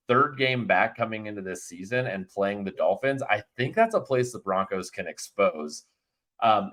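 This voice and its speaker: Casual male sports-betting cohost, lowish voice, loose rambling delivery with jokes. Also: fairly bright tone. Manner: rambling, filler-heavy, joking. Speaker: fantasy sports analyst.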